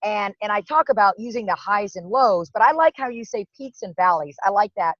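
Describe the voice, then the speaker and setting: A woman's voice: mid-range voice, animated, a little fast, dry recording. A woman who hosts and coaches speakers, interviewing a guest on a video call in an upbeat way. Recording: dull lo-fi video-call audio.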